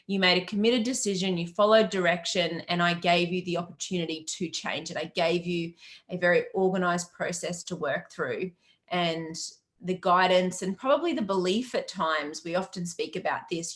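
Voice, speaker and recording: This middle-aged Australian woman hosts a live Q&A stream, speaking a little low as she chats freely and welcomes viewers by name. She sounds like a business coach, upbeat, encouraging, and quick to laugh, picked up by a webcam or laptop mic on a video call.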